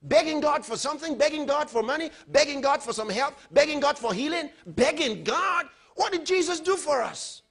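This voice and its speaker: A middle-aged man preaching a sermon as a pastor, emphatic, moving between loud outbursts and low, quiet storytelling. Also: animated, moderate pace, hardly any pauses.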